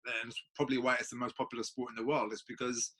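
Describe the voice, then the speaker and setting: A young man hosts a relaxed chat, and his voice has a bright, sharp edge. He talks haltingly, with frequent ums and restarts, in a middle pitch. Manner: hesitant, filler-heavy. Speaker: podcast host. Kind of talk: casual chat.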